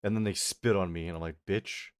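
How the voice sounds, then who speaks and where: A male streamer talks in a fairly low voice, trading crude, self-mocking jokes with his chat and laughing often. The sound is dry, with no room echo. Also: fairly even intonation, fast, clean tone. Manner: chats back to viewers' comments. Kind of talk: casual live-stream chat.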